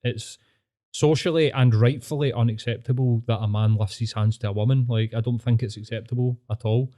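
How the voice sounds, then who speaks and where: A man's voice: medium pitch, fairly even intonation, a little fast, mellow. A Scottish man hosting a podcast, telling rambling, sweary stories in casual chat. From Scotland. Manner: swears freely, rambling storytelling. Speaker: podcast host.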